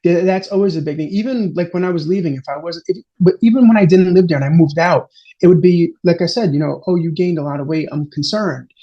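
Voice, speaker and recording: A man being interviewed, telling family stories in an animated, exasperated way with frequent restarts. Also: high voice, quick pace. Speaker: interview guest. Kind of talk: casual storytelling interview. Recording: dull lo-fi audio.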